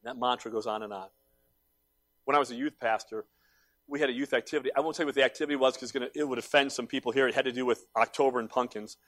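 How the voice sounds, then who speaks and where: A middle-aged male pastor preaching a sermon, emphatic and repetitive, swinging between loud exhortation and hushed asides. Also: medium pitch, steady tone, fast.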